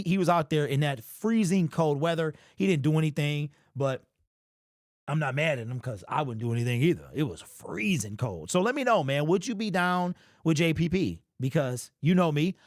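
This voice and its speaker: A man hosting a sports fan channel, talking in a fairly high voice. He rattles off casual, slangy takes with animated energy. The recording sounds dry and close to the mic. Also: dry recording. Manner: animated, talks fast, uses slang.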